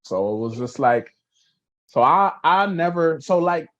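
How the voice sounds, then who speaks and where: Male podcast host, higher voice, colloquial storyteller, muffled lo-fi recording. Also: animated, a little slow, fairly bright tone. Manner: loose, colloquial, acts out little voices in his anecdotes. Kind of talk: casual interview chat. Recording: dull lo-fi audio.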